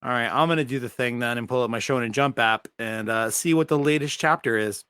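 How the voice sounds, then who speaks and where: A man co-hosts a casual podcast, ranting bluntly and swearing freely. His voice sits at a middling pitch. The sound is dry and close. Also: brisk, a bit bright, smooth, no echo. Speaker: podcast co-host. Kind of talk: casual chat.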